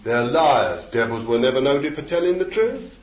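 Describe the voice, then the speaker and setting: A male preacher giving a rambling sermon, repeating words and rising to sudden shouts. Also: medium pitch, big pitch swings, normal speed. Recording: roomy, dull, slightly noisy old recording.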